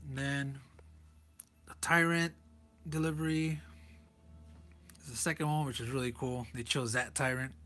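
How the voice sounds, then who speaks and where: A man's voice: mid-range voice, fairly even intonation, a little slow, pauses often, pushed and bright. A man casually reviewing a comic page by page, chuckling often and correcting himself in rambling asides. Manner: chuckles often and reads panel text aloud.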